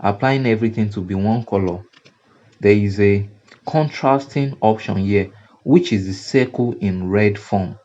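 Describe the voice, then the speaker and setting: Nigerian man teaching design, low mellow voice. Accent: Nigerian English. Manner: repetitive, explanatory, frequent "now" and "you see". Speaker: graphic design instructor. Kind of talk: screen-recorded tutorial lecture. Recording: dull lo-fi recording.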